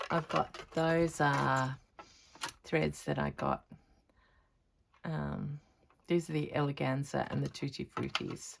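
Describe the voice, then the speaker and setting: A woman's voice: sits low, animated, slow pace, creaky, long pauses, noisy background. A woman chatting casually in a crafting vlog, thinking aloud as she works on her stitching. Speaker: textile artist showing her stitching.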